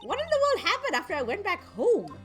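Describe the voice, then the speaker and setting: Woman voicing a giddy teen girl sidekick in a game, shrill and loud, all gush. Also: wildly swooping pitch, fairly quick, soft background music, heavily acted. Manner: squealing, gushing. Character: bubbly excitable young female spirit medium.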